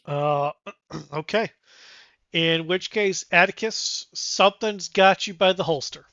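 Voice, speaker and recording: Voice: medium pitch, slow pace, a bit bright, dry recording, lo-fi sound. A game master narrating a tabletop game in a casual, loose way.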